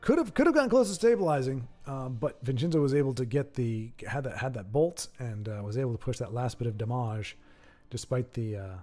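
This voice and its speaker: A man's voice: mid-range voice, expressive, brisk, darkish tone. A man giving casual, self-deprecating live-stream commentary on a card game match. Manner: rambling, self-deprecating, joking. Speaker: streamer and caster.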